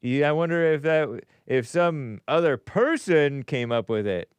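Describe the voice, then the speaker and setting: A man's voice: fairly high pitch, big pitch swings, unhurried, clear, resonant tone, no echo. A man hosting a call-in show in casual live-stream chat, musing aloud and stumbling over hard names.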